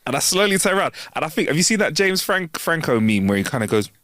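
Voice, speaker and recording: A man's voice: on the high side, quick pace, no echo. A man co-hosting a chatty podcast, his voice swinging up and down as he tells stories with bursts of laughter. He sits close to the mic in a dry studio, the sound tight and close. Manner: animated storytelling, bursts of laughter. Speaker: podcast co-host. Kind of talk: casual podcast chat.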